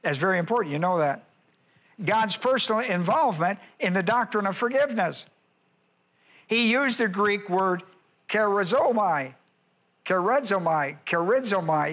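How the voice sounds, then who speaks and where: A male pastor teaching a Bible study, repeating key phrases and slowing down to stress words. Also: sits high, a bit bright.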